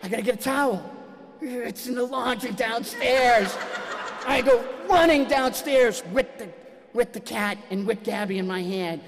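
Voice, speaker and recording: A man doing stand-up storytelling, animated and acting out his own shouts. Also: very high-pitched, a little slow, big-room sound. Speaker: comedian telling a story.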